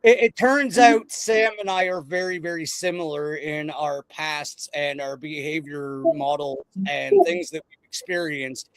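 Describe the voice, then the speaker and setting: A man hosting a casual podcast chat, excitable and rambling, often breaking into laughter. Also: a little high, unhurried, gravelly, few pauses, smooth, dry recording. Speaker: podcast host.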